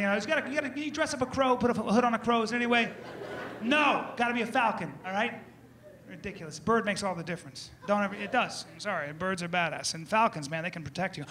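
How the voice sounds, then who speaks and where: A man performing stand-up comedy before a live audience, animated, with loud outbursts and acted-out voices. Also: high-pitched. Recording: live room with crowd noise.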